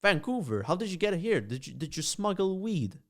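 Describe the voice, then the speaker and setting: A man's voice: sits high, very animated, a little fast, pitched above the performer's own voice. A man doing a startled ex-soldier friend. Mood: incredulous. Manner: incredulous questioning.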